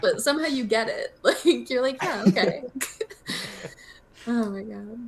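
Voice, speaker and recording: A woman's voice: a little high, unhurried, a crowd in the background. A woman with a Southern US accent co-hosting a casual podcast over a video call, giggly and full of fillers. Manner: giggly, animated, lots of fillers. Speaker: podcast co-host. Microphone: video call mic.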